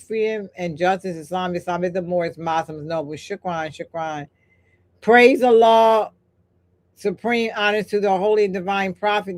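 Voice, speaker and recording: An older woman hosting a live stream, talking in an emphatic, repetitive, preacher-like cadence and breaking off for chatty asides while she reads the chat. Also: on the low side. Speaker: host. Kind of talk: live-stream talk reading chat comments.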